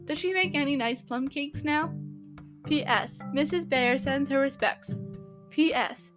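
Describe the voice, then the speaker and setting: A woman reading the part of a lively schoolboy reading his cheeky letter aloud. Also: high-pitched, a little slow, over music.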